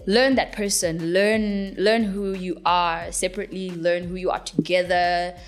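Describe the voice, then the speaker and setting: A woman's voice: lowish voice, fairly even intonation, measured pace, soft background music. A young woman from Zimbabwe, a singer-songwriter, answering interview questions in a chatty, giggly way with lots of fillers.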